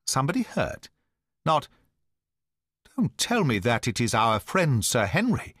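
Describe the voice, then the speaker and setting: A man's voice: medium pitch, very animated, measured pace, a bit bright, no echo, studio quality. A man reading the part of a sly, nervous male naturalist who feigns polite concern, asking probing questions. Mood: wary. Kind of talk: audiobook dialogue reading.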